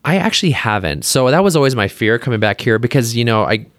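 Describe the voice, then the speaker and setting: A man's voice: medium pitch, very animated, fast talker, fairly bright tone, no echo. A man who is a plastic surgeon, chatting casually as a podcast guest, talking in loose rambling sentences full of fillers and openly emotional. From Utah, US.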